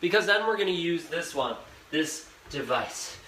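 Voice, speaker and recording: A man's voice: fairly high pitch, lively intonation, moderate pace. Chatty man hosting a live cooking show. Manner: chatty, rambling, talks straight to viewers. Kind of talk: casual live-stream cooking chat. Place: home kitchen. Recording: echoey kitchen with background noise. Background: fan noise.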